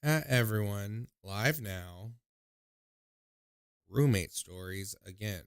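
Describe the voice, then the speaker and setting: A young man hosting a call-in livestream tells profane, meandering stories stuffed with fillers in a casual chat, quoting people through high-pitched mimicry. He speaks slowly with lively intonation and a clean tone, recorded dry with clean studio sound.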